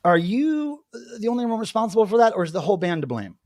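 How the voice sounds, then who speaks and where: A man hosts a casual livestream chat, his higher-pitched voice leaping around with lively energy. He laughs easily and tells stories with enthusiasm. The sound is dry and close, with no room echo. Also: fast talker. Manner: animated, laughs often. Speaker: livestream host.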